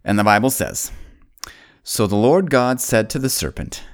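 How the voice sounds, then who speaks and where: Deep-voiced man telling kids a Bible story. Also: big pitch swings. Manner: folksy, speaks directly to the children as "kidzos"; slows down and drops low on solemn points.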